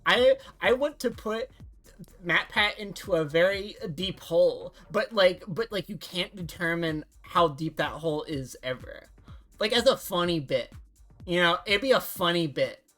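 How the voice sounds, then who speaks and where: Rambling, halting woman streamer, low voice. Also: animated, a bit bright, soft background music. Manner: rambling, halting, with many restarts; swears casually. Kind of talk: casual stream chat.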